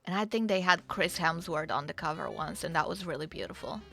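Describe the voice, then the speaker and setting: A woman's voice: on the low side, brisk, gravelly, fairly bright tone. A woman chatting casually on her livestream, joking and teasing herself as she plays. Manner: chatty, jokey, self-deprecating. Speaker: streamer.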